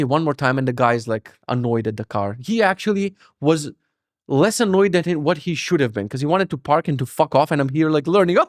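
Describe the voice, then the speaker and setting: A young man hosts a podcast in a loose, storytelling ramble, swearing freely and slipping into mocking voices. His voice sits a touch high for a man. The sound is dry and close, with no room around it. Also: dry recording. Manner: swears a lot, animated, acts out voices for laughs. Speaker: podcast host. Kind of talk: casual storytelling monologue.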